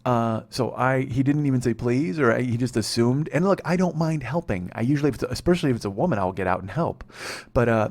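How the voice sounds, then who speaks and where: Gravelly sardonic comedian man. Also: medium pitch. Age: 40s. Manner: rambling, profane, sardonic. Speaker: comedian podcast host. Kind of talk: comedic storytelling monologue.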